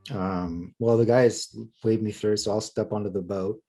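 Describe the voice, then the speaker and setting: A man playing in a tabletop game over an online call, chatting casually with relaxed, self-deprecating remarks. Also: lowish voice, normal speed. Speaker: player. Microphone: online call microphone.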